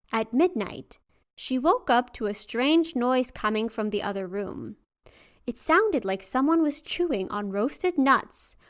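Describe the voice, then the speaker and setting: A woman co-host with a fairly high voice reads a folktale aloud in an even storytelling tone. Between passages she slips into relaxed, lively chat and laughs easily. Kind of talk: story reading and casual chat.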